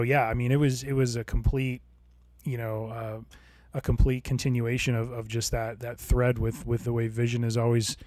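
A man's voice: mid-range voice, darkish tone, no echo. Thoughtful man in podcast chat. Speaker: podcast co-host. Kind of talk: casual chat about TV.

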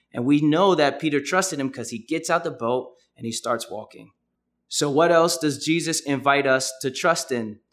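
A young man delivers a sermon in an earnest, conversational way, dropping casual asides between passages of scripture. His voice sits at an ordinary middle pitch. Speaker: preacher.

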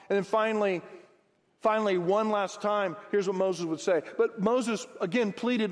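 A man preaching a sermon as pastor, acting out Bible dialogue in lively, animated bursts. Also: high voice, normal speed. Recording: long hall reverb.

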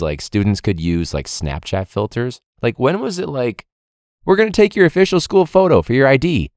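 A man's voice: sits low, darkish tone, dry recording, studio quality. A man who is a teacher and football coach hosting a casual podcast, ranting with heavy swearing and frequent laughs.

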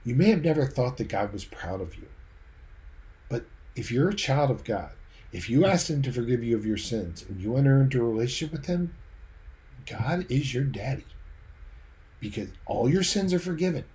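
A male preacher delivering a sermon, guiding listeners through scenes he paints in detail. His voice sits at an ordinary middle pitch for a man. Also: expressive, normal speed, mellow. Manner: vivid storytelling, draws listeners into imagined scenes.

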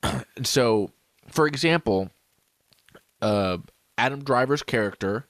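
A man's voice: medium pitch, takes it slowly, fairly bright tone, no echo. A man co-hosting a podcast in casual chat, rambling, laughing and hiccuping after drinking. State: hiccuping, drunk. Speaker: podcast co-host.

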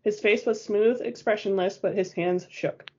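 A woman reads a first-person novel as an audiobook in a steady, measured way. Her voice is husky and breathy, at a middle pitch for a woman, and the recording sounds dull and lo-fi. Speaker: audiobook narrator.

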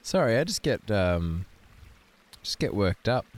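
A man's voice: on the low side, very animated, a little slow. A young man hosting an improvised comedy podcast, mock-serious and rambling, with lots of hesitation. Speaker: podcast host.

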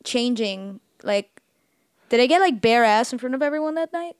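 A young woman co-hosting a podcast in relaxed, wry banter. Her voice is fairly high, smooth and clear, and it sounds dry and close. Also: normal speed, no echo. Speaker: podcast co-host.

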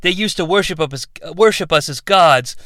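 A man's voice: on the high side, normal speed, bright, forceful tone, no room sound, studio quality. A man voicing an ancient, vengeful female witch spirit, mocking her grand, commanding speech.

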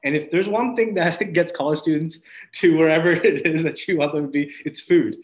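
A man's voice: a little high, fairly quick, a little hiss or hum. Earnest man telling his faith story. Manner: earnest, reflective, with frequent restarts and soft laughs. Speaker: podcast guest. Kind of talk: personal faith testimony told as a story. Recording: roomy echo.

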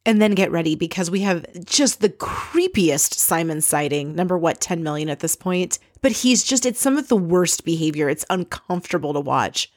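Woman host, lowish voice, dry close sound; blunt, exasperated recap delivery with frequent swearing. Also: lively intonation, normal speed, hardly any pauses, darkish tone, dry recording. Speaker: podcast host recapping a reality show. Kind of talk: casual recap commentary.

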